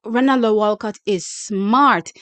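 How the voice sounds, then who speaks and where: A woman's voice: medium pitch, slow pace, fairly bright tone, dry recording. A young adult woman with a Jamaican accent hosts a track-and-field channel, hyping the news and reading a press release aloud with chatty asides. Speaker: sports channel host.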